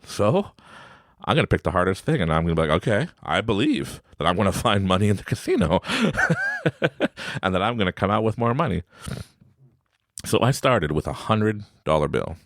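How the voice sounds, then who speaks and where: A man in his thirties from Canada, hosting a podcast and telling a family story in a casual, animated way, giggling and acting out his son in a high voice. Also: fairly quick, no echo, studio quality. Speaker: podcast host.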